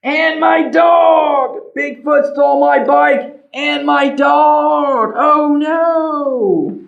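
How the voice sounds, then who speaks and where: A man voicing an excitable young boy who insists he saw Bigfoot, speaking high and shouting in a children's storybook read-aloud. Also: moderate pace, a faint crowd, close to an everyday voice. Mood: panicked shouting. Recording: slightly dull lo-fi recording.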